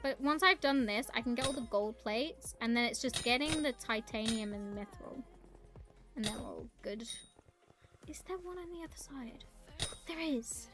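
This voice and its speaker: A woman's voice: on the high side, animated, normal speed, music in the background. A young woman streaming a game, chatting in a rambling, casual way and greeting her viewers. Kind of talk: casual live-stream chat while gaming.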